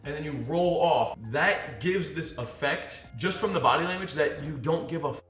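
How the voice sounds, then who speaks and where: A man's voice: fairly high pitch, normal speed. A man coaching on dating in a casual monologue, telling stories with swearing and acting out what people said. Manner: animated storyteller who swears and acts out quotes. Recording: echoey room with faint music.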